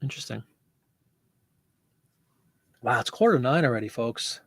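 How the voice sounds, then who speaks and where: A man's voice: mid-range voice, lively intonation, moderate pace, creaky, fairly bright tone, no room sound, clean studio sound. A man hosting a casual live selling stream, chatting and laughing as he answers viewer comments. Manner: chatty, rambling, laughs often, reads viewer comments aloud. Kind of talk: casual livestream chat with viewers.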